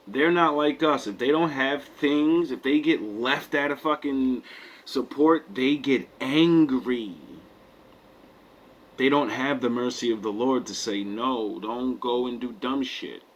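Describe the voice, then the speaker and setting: Male co-host, mock-sermon rant, mid-pitched, cursing freely. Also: slow. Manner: mock-sermon delivery, profane. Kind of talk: preachy comedic rant.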